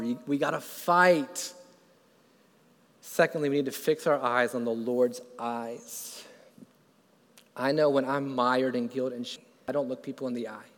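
A man preaching a sermon who asks the congregation questions and builds from quiet to loud and fervent. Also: mid-range voice, in a large hall.

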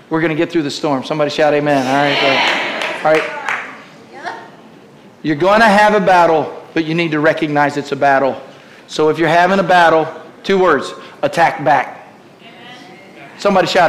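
A middle-aged man preaching a sermon, telling stories and rising to impassioned shouts. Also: on the high side, moderate pace. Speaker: pastor.

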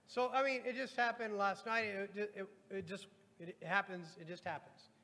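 A man's voice: sits high, fairly even intonation, moderate pace, bright, forceful tone. A pastor preaching a sermon to his congregation, reading scripture aloud and addressing the people directly. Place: church sanctuary. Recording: long hall reverb.

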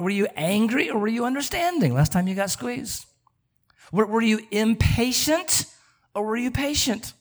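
A middle-aged man preaching a sermon as pastor, repeating words as he talks and asking the congregation rhetorical questions. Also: high-pitched. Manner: animated, stammering repetitions, rhetorical questions.

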